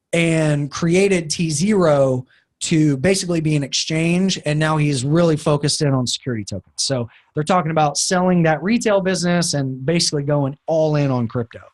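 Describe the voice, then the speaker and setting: A man's voice: on the high side, normal speed. A man giving a casual, enthusiastic webinar talk on crypto investing, chatty and full of fillers.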